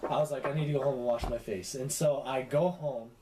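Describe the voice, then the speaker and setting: A man's voice: mid-range voice, steady tone, brisk, dark tone. A young man telling a profane story in casual chat, acting out the quotes. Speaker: podcast co-host. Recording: echoey room with faint noise.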